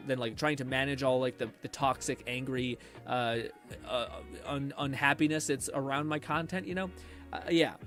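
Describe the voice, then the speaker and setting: A man streamer chatting casually with his stream chat and answering comments in a rambling way, full of fillers and restarts. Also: fairly high pitch.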